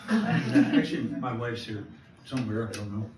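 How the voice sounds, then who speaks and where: An older American man tells stories to a live audience, restarting his sentences and chuckling as he goes. His voice is mid-pitched and sits a little away from the mic. The room has a noticeable echo, with faint chatter around it. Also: big pitch swings, a little fast. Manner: rambling storyteller with many restarts and laughs. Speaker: guest jeweler. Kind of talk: telling anecdotes on stage. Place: live event before an audience. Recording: distant echoey room mic, live event.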